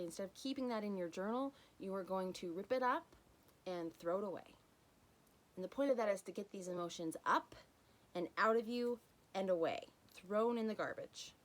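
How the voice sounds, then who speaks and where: A woman hosting her own podcast, talking straight to the listener in an emphatic, animated way with bursts of loud emphasis. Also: mid-range voice, rough recording. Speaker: podcast host. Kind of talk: solo podcast monologue.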